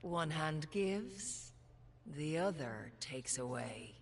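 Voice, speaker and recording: A cold Irish geneticist who talks down to everyone in a low, unhurried voice. Each game voice line comes out clipped and condescending. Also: female voice, lively intonation, vocal fry, exaggerated voice. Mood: scornful. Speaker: video game character. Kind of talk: game voice lines.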